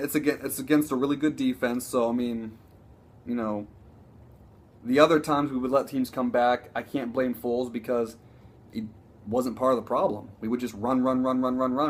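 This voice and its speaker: A man ranting casually about his football team, profane and excitable, rambling with frequent restarts. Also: medium pitch, slightly rough. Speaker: sports vlogger. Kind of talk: casual sports rant.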